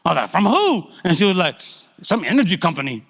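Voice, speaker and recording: A middle-aged man speaks to his congregation in a fairly high voice. He gives a candid, lively testimony and talks to the room as if among friends. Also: fast talker. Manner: candid, conversational, animated storytelling. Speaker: church speaker giving testimony. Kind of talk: testimony in a church service.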